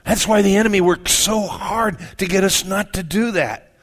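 An older man, a pastor, preaching a sermon with lively asides and quick self-corrections. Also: high voice.

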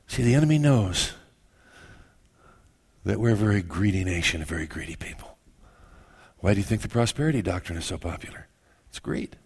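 An older man, a pastor, preaching a sermon with lively asides and quick self-corrections. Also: lowish voice, breathy edge.

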